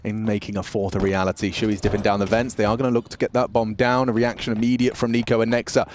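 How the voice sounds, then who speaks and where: A man calling a live esports match, energetic and quick to shout at big plays. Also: on the low side, background noise. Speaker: esports play-by-play caster. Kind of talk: excited live game commentary. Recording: loud in-game gunfire behind. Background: loud gunfire and clicks from the match.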